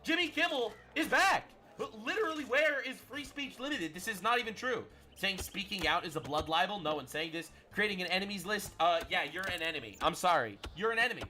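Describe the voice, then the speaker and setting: A man's voice: high-pitched, lively intonation, fairly quick, hardly any pauses, bright, forceful tone, a little hiss or hum. A man hosting a livestream, giving brash, profane, sarcastic political commentary. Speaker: livestream host.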